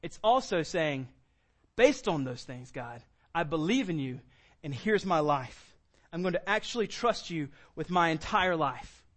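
A man's voice: a little high, lively intonation, a little slow, fairly bright tone. A male pastor preaching a conversational sermon, mixing scripture reading with casual asides. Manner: reads scripture aloud.

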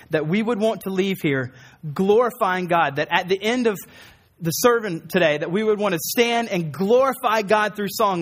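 A man's voice: high voice, a bit bright. A man in his thirties preaching an earnest sermon in a church, acting out quoted lines and building up emphasis. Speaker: pastor.

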